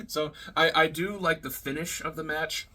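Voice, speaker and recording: Bright-voiced profane man rambling. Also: a little high, steady tone, moderate pace. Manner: rambling, profane, frequent fillers and laughs. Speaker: wrestling reviewer. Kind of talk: casual spoken review.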